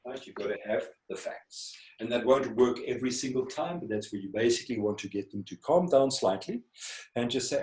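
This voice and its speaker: Over a video call with echoey room sound, a man with a mid-range, a little mellow voice teaches communication skills online. He's expressive and fairly quick, regularly checking in with rhetorical questions.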